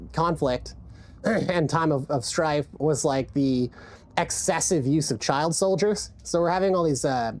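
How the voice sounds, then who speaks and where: In a low, darkish voice, a woman game streamer chats casually and profanely into a desk mic. She rambles, restarting often.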